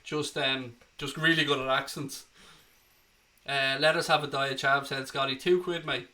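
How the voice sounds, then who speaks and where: A man's voice: mid-range voice, steady tone, moderate pace, bright, forceful tone. An Irish man hosting a live football watchalong, chatting cheekily and reading out viewer comments. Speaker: host.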